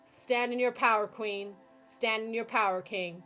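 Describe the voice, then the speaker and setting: A woman giving a tarot reading on a live stream, expressive, swearing freely and acting out her own dialogue. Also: a little high, measured pace, faint music behind. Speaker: tarot reader. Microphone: phone or computer mic on a live stream.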